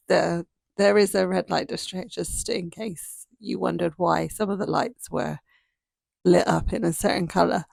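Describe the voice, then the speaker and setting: A woman's voice: on the low side, gravelly, dry recording, studio quality. A young woman vlogger giving a rambling, casual travel recap, laughing often between thoughts.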